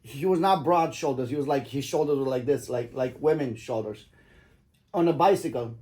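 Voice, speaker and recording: A medium-pitched, slightly mellow male voice at normal speed belongs to a middle-aged man telling his children stories in a relaxed way. His talk meanders, includes swearing, and is punctuated by laughter at his own tales.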